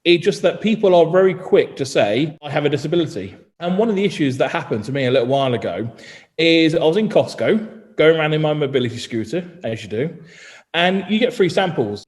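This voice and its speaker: A man talking on a podcast in a fairly high voice, swinging between stories and opinions and acting out other people's lines. His voice carries a long, trailing reverb. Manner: animated storytelling, mimics other people. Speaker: journalist and co-host. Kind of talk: casual podcast chat.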